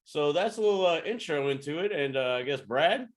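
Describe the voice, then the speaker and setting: A man's voice: a little high, animated, brisk. A man hosting a podcast in casual chat, wry and swearing casually. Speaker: podcast host.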